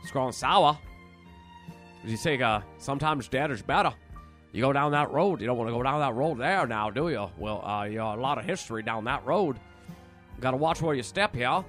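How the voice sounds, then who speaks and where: A man's voice: medium pitch, lively intonation, moderate pace, a bit bright, lightly acted. A man doing a drawling old country man. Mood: ominous. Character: folksy old rural man, grim warnings. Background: piano music.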